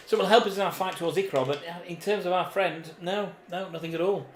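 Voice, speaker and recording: In an echoey room with faint background noise, a man co-hosts a board game playthrough, chatting and reading rules and story text aloud. His voice is high and his pace brisk.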